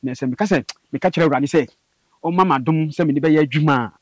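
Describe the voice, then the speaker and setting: Man, guest storyteller, husky and quick, dry close sound, lively testimony. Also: dry recording. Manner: fast, animated storytelling with sudden high bursts. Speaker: guest telling his story. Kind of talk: personal testimony in conversation.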